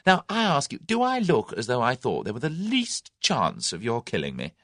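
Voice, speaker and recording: A man's voice: mid-range voice, wildly swooping pitch, moderate pace, fairly bright tone, no room sound, clean studio sound, voice pushed up, heavily acted. An actor reading the part of a brash young Englishman who taunts and bluffs his captors. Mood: cocky. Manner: cocky, taunting.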